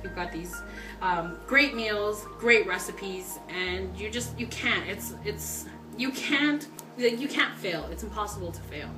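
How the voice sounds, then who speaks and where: A young woman telling her story in a casual interview, chatty and excitable, laughing often. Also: mid-range voice, measured pace, distant mic. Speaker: customer giving a testimonial. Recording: roomy sound from off-mic with background music.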